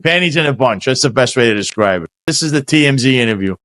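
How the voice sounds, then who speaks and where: A man's voice: medium pitch, animated, quick pace, a bit bright, no echo. A man hosting a podcast interview in a casual, rambling way, often restarting his sentences. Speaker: podcast host.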